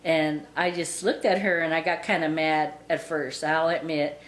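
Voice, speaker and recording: A woman's voice: low-pitched, fairly even intonation, normal speed. A woman telling a long story about her pet in a casual, rambling way, with lots of "and, uh" fillers. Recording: roomy with faint background noise.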